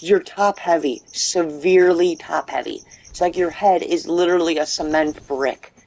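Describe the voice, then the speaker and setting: A man's voice: on the high side, normal speed, darkish tone. A man giving let's play commentary, ranting and rambling with lots of fillers, restarts and swearing. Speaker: gaming channel host.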